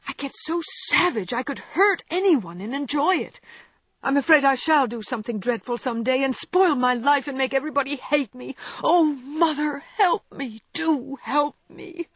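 A woman's voice: fairly bright tone, dry recording, full character voice. A woman voicing a remorseful, hot-tempered teenage girl who pleads through tears, in an audiobook reading. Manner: pleading, tearful, breaking out high.

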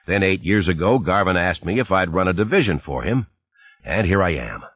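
A man voicing a calm, plainspoken male division manager in an audiobook reading. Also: sits low, a little fast, slightly rough, dry recording, lo-fi sound. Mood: relaxed.

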